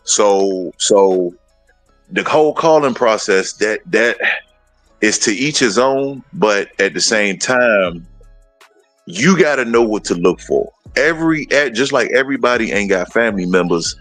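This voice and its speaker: Man, low voice, animated storyteller, acts out other people's quotes, dry close sound. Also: measured pace, no echo, soft background music, low-quality recording. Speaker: guest dog breeder. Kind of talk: casual livestream conversation.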